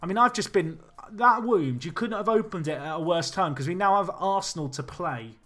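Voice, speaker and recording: A man's voice: high-pitched, fairly quick, sharp tone. A young man chatting animatedly as he streams a football management game and talks to his chat. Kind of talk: casual game commentary.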